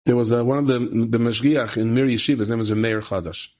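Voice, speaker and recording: Over faint background music, a rabbi speaks a little fast as he tells a story with a moral lesson. His delivery is conversational, he repeats phrases for emphasis, and his pitch rises when he gets animated.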